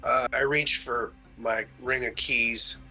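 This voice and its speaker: Bright-voiced male player. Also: mid-range voice, steady tone, slow pace, breathy edge, faint music behind, low-quality recording. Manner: describing actions casually. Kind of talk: tabletop game play.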